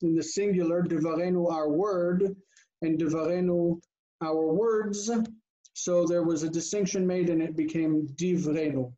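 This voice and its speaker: Slow, mellow-voiced man teaching online. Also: fairly high pitch, fairly even intonation, muffled recording. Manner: patient, drills forms aloud, asks the class questions. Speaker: Hebrew teacher. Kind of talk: online class lecture. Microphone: video call.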